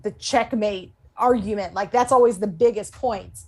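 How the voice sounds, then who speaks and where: A woman talking on a casual aftershow panel, animated and quoting lines with shifts in voice. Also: mid-range voice, moderate pace, slight background noise.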